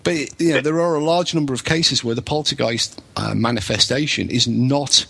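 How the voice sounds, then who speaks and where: A man hosts a casual podcast chat, explaining at length with a skeptical edge and frequent restarts. His voice is bright but husky. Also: medium pitch, normal speed. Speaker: podcast host.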